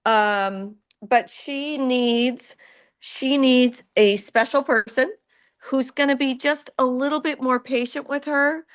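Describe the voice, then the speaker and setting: Slow, hesitant woman presenting a dog. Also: high-pitched, steady tone, clear, resonant tone. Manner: slow, hesitant, lots of ums. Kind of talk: casual presentation. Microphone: video call.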